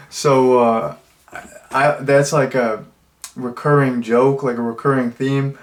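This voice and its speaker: A man talks through a film review in a loose, unscripted way, circling back and restarting as he goes. His voice sits at an everyday middle pitch. He sounds keen, and he acts out quoted lines now and then. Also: fairly even intonation, slow. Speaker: movie reviewer. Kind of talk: casual spoken movie review.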